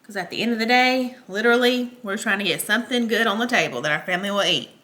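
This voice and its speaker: A woman's voice: medium pitch, fast, pushed and bright. A woman hosting a home cooking video, chatting casually to viewers and giggling often. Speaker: cooking channel host. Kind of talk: casual cooking demo chat.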